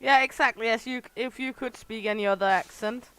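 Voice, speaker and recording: A woman's voice: a little high, steady tone, moderate pace, clear, resonant tone. A woman streamer chatting casually with viewers while playing a game, teasing regulars by name. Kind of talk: casual livestream chat with viewers.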